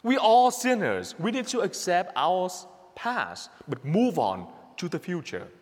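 Vietnamese-accented priest giving a lively homily. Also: male voice, sits high, unhurried. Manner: earnest, repetitive, laughing at himself. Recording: long reverb of a church hall.

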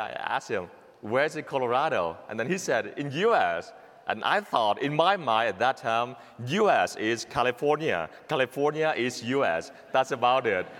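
Vietnamese accent priest guy, mid pitch, halting homily with lots of restarts, big echoey church. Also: a bit bright. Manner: halting, many restarts and fillers, laughs at his own story. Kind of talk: homily with personal story.

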